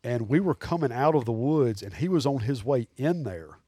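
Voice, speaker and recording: A man, telling animated, rambling hunting stories as a podcast guest. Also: medium pitch, normal speed, slightly rough, no room sound. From Alabama. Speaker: guest taxidermist. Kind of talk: casual storytelling in a podcast interview.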